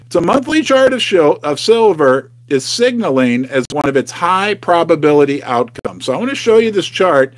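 A man's voice: a little high, big pitch swings, moderate pace, few pauses, dry recording. A middle-aged man hosting a casual livestream from his home basement, chatty and folksy, often turning to ask his viewers questions. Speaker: host of a precious-metals investing channel.

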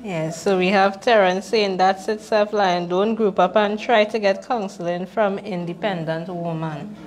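A woman's voice: mid-range voice, fairly even intonation, unhurried. A woman co-hosting a talk show, mostly agreeing and reading out listener comments.

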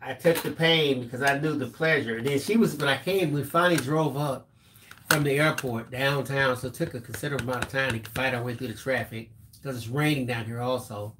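A man in his fifties, co-hosting and reading out viewer comments, telling a story in an animated way and mimicking others with laughter. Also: medium pitch, fairly quick, noisy background. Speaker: co-host, reads viewer comments. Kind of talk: casual storytelling.

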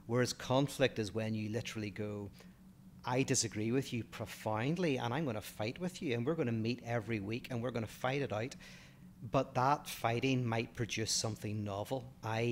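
A man's voice: medium pitch, moderate pace, a little hiss or hum. A man from Northern Ireland with a Northern Irish accent, co-hosting a casual podcast and talking through philosophical ideas in a thoughtful way, often restarting mid-phrase.

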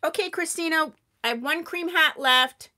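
A woman hosting a live wig sale into a microphone, chatty and gushing over products, often talking loudly and answering viewers by name. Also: high-pitched, normal speed. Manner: tends to talk loudly. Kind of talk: live-stream sales chat.

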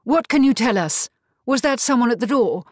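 A woman voicing an imperious elderly aunt, sharp and commanding, in a storybook reading. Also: a little high, animated, moderate pace, dry recording, voice pushed up. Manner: imperious, cutting.

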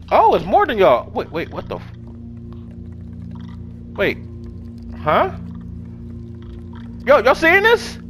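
Excitable high-voiced gaming commentator, man. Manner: excitable, swears freely, talks to viewers and game characters. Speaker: gaming video host. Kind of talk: casual let's-play commentary.

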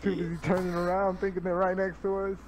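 A man's voice: high voice, monotone, a crowd in the background. A man playing as a teammate, calling out moves and telling stories about the game. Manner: quick tactical callouts and laughing storytelling. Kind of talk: casual gaming chat.

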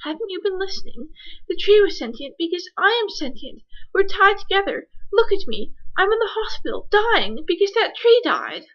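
A woman's voice: big pitch swings, moderate pace, a bit bright, muffled recording, exaggerated voice. A woman voicing a distraught, self-pitying woman who insists she is bound to a tree. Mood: indignant. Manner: shrill, wounded, insistent.

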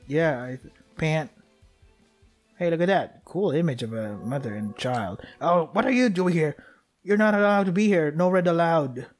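A young man with a slightly high voice narrates his own gameplay, cracking jokes and talking straight to the characters. He gets excitable and laughs often. Game music plays faintly behind him. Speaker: gameplay commentator. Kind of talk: let's play commentary.

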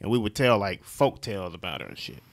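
A man's voice: fairly low pitch, very animated, fast talker, creaky. A man on a podcast, chatting casually with blunt, emphatic reactions. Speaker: podcast co-host. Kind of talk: casual chat.

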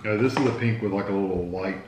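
A man's voice: lowish voice, quick pace. A man co-hosting a casual taste-test video, thinking aloud in an easygoing way as he tastes. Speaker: co-host. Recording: roomy with faint noise.

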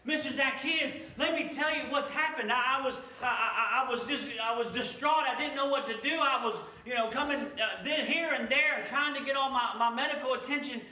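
A man's voice: very high-pitched, brisk, hardly any pauses, pushed and bright, roomy sound, far from the mic, full character voice. A man voicing a poor, sick woman who stammers as she pleads for more time to pay. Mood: joyful. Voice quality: stammering, breathless. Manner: pleading, then exuberant. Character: poor sick woman begging for time, later overjoyed and healed.

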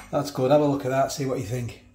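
A man's voice: medium pitch, reverberant, noisy background. A man chatting casually as he cooks and tastes food in a home kitchen. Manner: chatty, talks while chewing, frequent restarts. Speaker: food reviewer. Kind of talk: casual food review vlog.

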